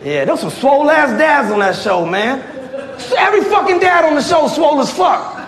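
Brash and profane, this Tidewater, Virginia stand-up comedian, a military veteran in his forties, erupts into loud outbursts in a very high, brisk voice with lively intonation. He's working a comedy club stage, where the roomy space carries the audience laughing and applauding.

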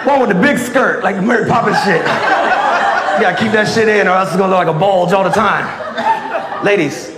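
High-voiced profane comedian in echoey club. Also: male voice, moderate pace. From Virginia, US. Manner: profane, loud bursts, laughing through punchlines. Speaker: stand-up comedian and military veteran. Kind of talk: stand-up comedy set. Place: comedy club stage before a live audience. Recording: echoey club with loud crowd laughter.

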